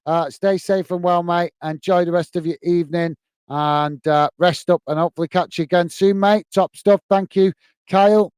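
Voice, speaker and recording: A man's voice: high voice, steady tone, normal speed, a little mellow, clear, resonant tone, no echo. A tired man hosting a football live stream, reading viewer comments and signing off friendly with lots of fillers. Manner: friendly, repetitive sign-offs, many fillers. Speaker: football channel host.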